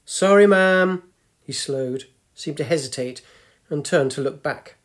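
A man narrating a story in a measured, gently descriptive way. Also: mid-range voice, steady tone. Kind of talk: scripted narration.

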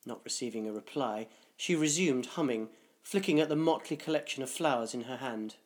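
A man reading a dark short story aloud, in a measured, deliberate narration. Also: mid-range voice.

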